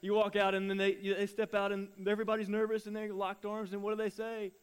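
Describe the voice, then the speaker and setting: Pastor with a high-pitched voice, animated preacher who acts out his stories. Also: quick pace, few pauses, smooth. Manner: animated storytelling, acting out voices. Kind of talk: sermon.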